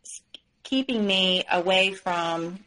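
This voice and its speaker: A woman's voice: mid-range voice, slow, pushed and bright, slight background noise, poor audio. Frank woman telling her story. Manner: frank, conversational storytelling with many fillers. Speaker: guest. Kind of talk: personal story in an interview.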